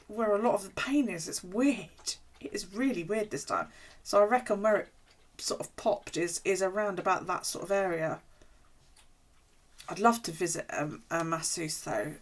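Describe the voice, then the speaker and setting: A woman chatting casually on a live stream, rambling through stories and swearing freely. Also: medium pitch. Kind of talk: casual chat while journaling on stream.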